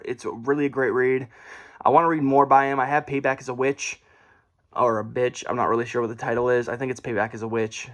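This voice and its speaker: A man's voice: medium pitch, a bit bright. Rambling, self-correcting casual man. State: briefly out of breath. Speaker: book reviewer and horror author. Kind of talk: casual book review vlog. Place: room at home.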